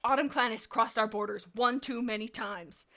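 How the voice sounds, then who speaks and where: A woman voicing a pompous male cat clan leader who barks slow, drawn-out commands in a dramatic fanfic reading. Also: fairly high pitch, steady tone, bright, forceful tone. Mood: commanding.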